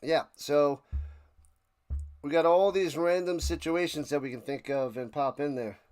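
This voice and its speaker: A man streaming a live watch-along, rambling between plays and shouting out big plays. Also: on the high side, a little slow. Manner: rambling chatter with sudden shouted play calls.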